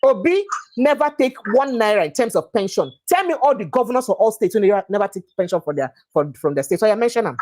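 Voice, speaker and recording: Nigerian woman host, fast and animated, presses her points hard in a heated debate. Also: mid-range voice. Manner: fast, insistent, lively, mixes Pidgin with English. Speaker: livestream host.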